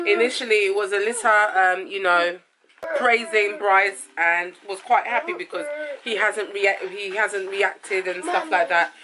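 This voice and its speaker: A woman hosting a casual reality TV review, chatty and rambling, correcting herself as she goes. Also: medium pitch. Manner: chatty, rambling, self-correcting, says "it is what it is". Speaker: host reviewing a reality TV episode. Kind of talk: casual chat. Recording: faint background noise.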